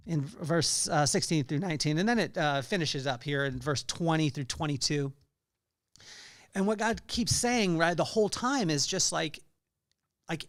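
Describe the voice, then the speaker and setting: Gravelly earnest man giving a devotional. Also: on the high side, fairly bright tone, no echo, clean studio sound. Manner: earnest, halting with fillers and restarts. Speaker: podcast host. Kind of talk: devotional scripture talk.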